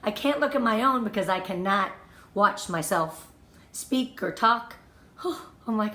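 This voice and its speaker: A woman's voice: a little high, animated, moderate pace, sharp tone, echoey room. A woman leading a motivational training talk for her sales team, enthusiastic and emphatic, counting off tips and repeating her key points. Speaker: direct sales team leader.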